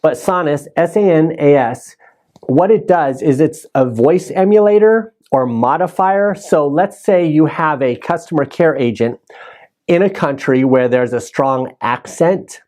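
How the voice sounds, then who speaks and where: A man's voice: a little high, measured pace, a little mellow. A man hosting a podcast, recapping his season in a casual, rambling way and correcting himself as he goes. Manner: rambling, self-correcting with restarts. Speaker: podcast host.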